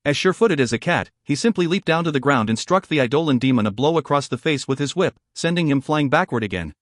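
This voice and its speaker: A man reading an audiobook narration in a measured, expressive storytelling manner. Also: on the high side, no echo, clean studio sound. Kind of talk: scripted narration.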